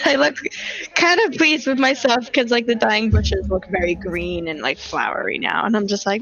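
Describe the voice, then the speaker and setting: A woman's voice: on the high side, brisk, a bit bright. A woman playing a tabletop role-playing game, chatty and giggly as she describes her character's actions. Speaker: player. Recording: slightly dull lo-fi audio with faint music.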